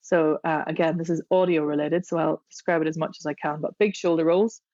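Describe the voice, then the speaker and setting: A woman voice coach, chatting as a podcast guest and explaining vocal exercises in a demonstrative, unhurried way. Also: low-pitched, fairly even intonation, darkish tone, no room sound, lo-fi sound.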